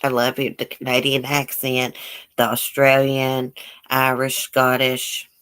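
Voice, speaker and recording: Speaking slowly with an extremely low pitch and completely flat delivery, a woman with a Southern US country accent runs a casual YouTube livestream, reading viewer comments and answering them bluntly. Her tone is clean and a bit bright, her speech folksy with drawled phrases, and she swears freely.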